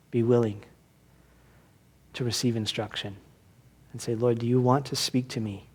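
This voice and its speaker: A man's voice: a little high, a little mellow. A man preaching as pastor at a church service, earnest and exhorting, often restarting his words. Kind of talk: sermon.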